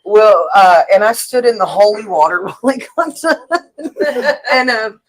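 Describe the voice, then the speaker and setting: A woman guest on a live show in casual chat, open and quick to laugh. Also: medium pitch, animated, poor audio. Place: taco restaurant, live show.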